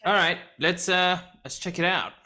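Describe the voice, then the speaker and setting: A man's voice: high-pitched, normal speed, bright, forceful tone. A man joking around as a player in a tabletop game. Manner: goofy, jokey. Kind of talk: casual tabletop game chat.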